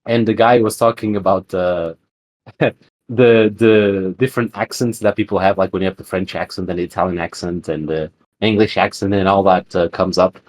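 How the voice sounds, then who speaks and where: Low-ish guy cohosting a podcast, rambly, lots of "like" and "uh", chatty. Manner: rambling, full of fillers and restarts. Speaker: podcast co-host. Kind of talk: casual chat.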